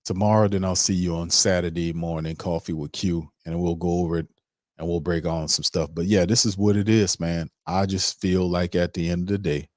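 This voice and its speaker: A man's voice: low-pitched, no echo, studio quality. A man hosting a sports podcast, ranting emphatically in casual slang with heated repetition. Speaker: podcast host.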